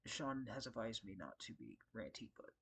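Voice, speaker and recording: A man's voice: fairly low pitch, big pitch swings, moderate pace, gravelly, fairly bright tone, breathy edge. Frustrated security guy ranting to his channel, swears a lot, rambles and circles back. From Las Vegas area. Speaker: security guard vlogger. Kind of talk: casual ranting vlog.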